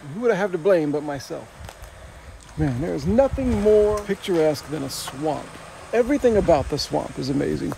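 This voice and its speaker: A man's voice: a little high, animated, normal speed, vocal fry, mellow, slight background noise. A man in a casual outdoor travel vlog, talking in a chatty, wry and self-mocking way. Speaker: travel vlogger. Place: outdoors by a swamp.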